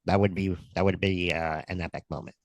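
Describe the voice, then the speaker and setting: Deep-voiced man telling a story excitedly. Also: a little fast, no room sound, low-quality recording. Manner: excited, animated retelling with quoted dialogue. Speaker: guest. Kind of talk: casual storytelling.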